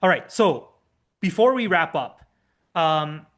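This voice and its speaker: A man hosting a podcast in a relaxed, easygoing way, often affirming his guest. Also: fairly high pitch, takes it slowly. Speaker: podcast host. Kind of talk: casual podcast chat.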